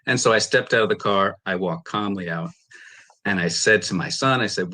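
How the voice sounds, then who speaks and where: A man giving testimony in a courtroom, with a low, forceful voice. He tells his side emphatically and acts out the lines that were said. His delivery stays intense and direct. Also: expressive, normal speed. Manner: emphatic, re-enacting quoted exchanges. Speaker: litigant in a courtroom dispute. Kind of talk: courtroom testimony, recounting events.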